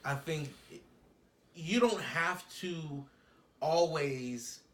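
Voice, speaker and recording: A man's voice: fairly high pitch, very slow, a bit bright. A man co-hosting a podcast, rambling through ideas in casual chat and acting out little scenes. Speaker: podcast co-host.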